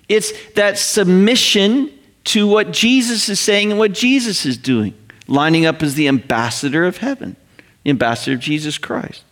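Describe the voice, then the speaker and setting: A middle-aged man preaching a sermon to his church in a conversational, animated way, often acting out the voices he quotes. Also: high-pitched, normal speed. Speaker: pastor.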